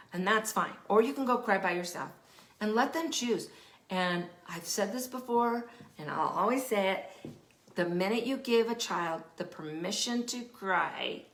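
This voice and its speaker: A woman's voice: medium pitch, vocal fry, roomy sound. A woman parenting specialist and teacher giving casual advice, acting out what children and parents say and dropping to a whisper for emphasis. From Denver area, United States. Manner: animated, acts out quoted children and parents, drops to a whisper for emphasis. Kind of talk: casual explanatory advice talk.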